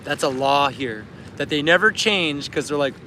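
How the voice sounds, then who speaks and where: Canadian male streamer, casual storyteller, a bit high-pitched, laughs a lot; outdoor phone audio with light wind noise. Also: animated, normal speed, sharp tone. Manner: chatty, laughs often, tells anecdotes. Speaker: livestream host. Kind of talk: casual live-stream chat. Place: outdoors by a river while fishing.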